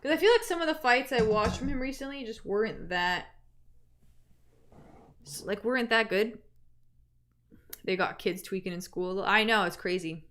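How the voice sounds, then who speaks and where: A woman's voice: fairly high pitch, expressive, normal speed, pauses often, fairly bright tone. Chatty young woman streamer. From Canada. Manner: chatty, trailing off and restarting. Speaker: livestream host. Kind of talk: casual livestream chat.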